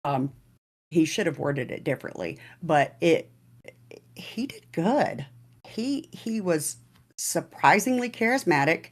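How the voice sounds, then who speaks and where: Woman on a politics chat, really low voice, lots of ums and i-i-i restarts. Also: animated, slow. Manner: hesitant, many ums and repeats. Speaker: panelist. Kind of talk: casual political discussion.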